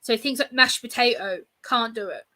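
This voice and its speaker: A woman in her thirties, a guest in a casual interview, telling stories in an animated way and acting out exchanges. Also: a little high, normal speed. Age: 30s. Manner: animated storyteller, acts out exchanges.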